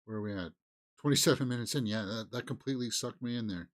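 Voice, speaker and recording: A man's voice: medium pitch, quick pace. A man hosting a reaction video, musing aloud in casual commentary and talking to his viewers.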